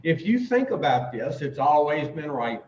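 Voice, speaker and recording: A man teaching the twelve steps of recovery to a group, emphatic and blunt, with long pauses and the odd curse. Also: on the high side, very animated, a little mellow. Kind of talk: informal recovery talk to a group. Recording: roomy, distant, dull lo-fi sound.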